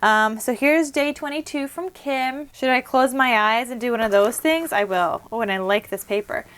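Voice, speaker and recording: A woman's voice: fairly high pitch, normal speed, fairly bright tone, slight background noise. A young woman vlogger chatting casually and gushing while unboxing craft gifts at her desk at home, a little out of breath. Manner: chatty, gushing, many fillers.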